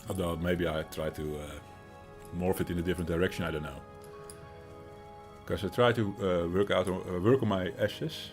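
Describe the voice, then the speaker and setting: A man's voice: sits low, normal speed, faint music behind. A man in his thirties with a Dutch accent, chatting casually with his stream chat, rambling with fillers as he answers them. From Netherlands.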